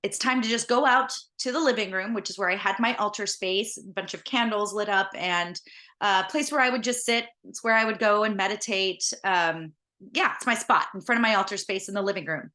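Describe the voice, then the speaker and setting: Bright-voiced woman telling a personal story. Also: medium pitch, fairly quick. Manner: earnest, conversational, retelling events vividly. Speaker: podcast host.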